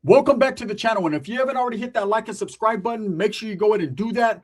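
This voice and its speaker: Profane, high-voiced storyteller. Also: male voice, very fast. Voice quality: profane, slangy, animated. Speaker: comedic storyteller, channel host. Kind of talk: casual comedic storytelling.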